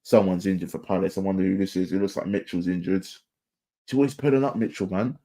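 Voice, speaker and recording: A young man hosting a live football watchalong as a fan, chatty and excitable, shouting at the players. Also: deep voice, quick pace, breathy edge. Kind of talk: live match watchalong commentary.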